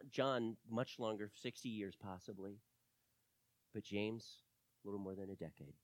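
A man preaching a sermon, telling stories animatedly and swinging between loud bursts and hushed moments. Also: on the low side, no room sound.

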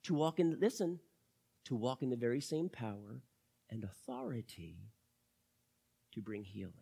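A male pastor preaching a teaching sermon, swinging from loud emphasis to quiet asides and asking the audience questions. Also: medium pitch, very animated, normal speed, creaky, breathy edge, no echo. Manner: asks the audience direct questions.

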